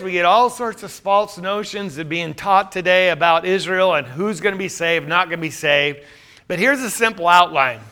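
A man's voice: high-pitched, pushed and bright. A man teaching a Bible class, quizzing his listeners with questions and then answering them himself.

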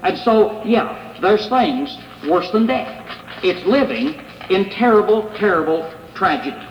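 A middle-aged man preaching an earnest, pleading sermon in a church, pausing to read scripture aloud. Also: sits high, animated, lo-fi sound, slight background noise. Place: church sanctuary. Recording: echoey hall, faint room ambience.

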